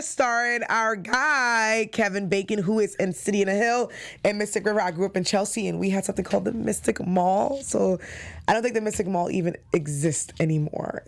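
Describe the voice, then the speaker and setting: A woman's voice: mid-range voice, fairly bright tone. Chatty woman hosting a TV recap. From New York. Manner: chatty, enthusiastic, with frequent fillers. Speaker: TV recap show host. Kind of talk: casual recap chat.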